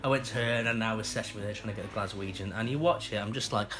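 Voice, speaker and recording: A man with a Stockport accent, an actor chatting as an interview guest, self-mocking and quick to laugh. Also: on the low side. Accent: Stockport, northern English. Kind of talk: casual interview chat.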